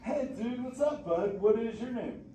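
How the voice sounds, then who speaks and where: A man's voice: very high voice, lively intonation, moderate pace, recorded from a distance, voice pushed up. A man voicing a laid-back surfer sea turtle dude who talks in drawling surfer slang, playful and teasing the audience. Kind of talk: live interactive show character. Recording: echoey theater from afar, noisy.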